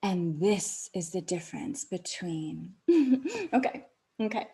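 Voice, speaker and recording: A woman podcast host telling a personal story in a soft, breathy voice that often sinks to a near whisper, chatty and laughing often. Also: lowish voice, slow. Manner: chatty, with many "like" fillers and frequent laughs.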